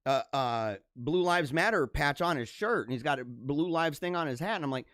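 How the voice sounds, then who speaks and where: Animated rambling male livestream host. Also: a little high, normal speed, few pauses, dry recording, clean studio sound. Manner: rambling, with frequent restarts and animated bursts. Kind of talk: casual storytelling monologue.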